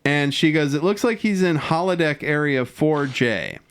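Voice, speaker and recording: A man co-hosting a podcast, casually recapping an episode, swearing freely and acting out the characters' lines in quick put-on voices. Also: on the high side, animated, a bit bright, smooth. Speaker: podcast co-host.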